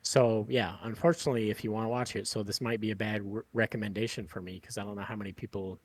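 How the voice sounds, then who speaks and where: A man's voice: lowish voice, fairly even intonation, fast, a little hiss or hum. A man hosting a podcast, chatting casually in a rambling way with lots of fillers and swearing. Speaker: podcast host.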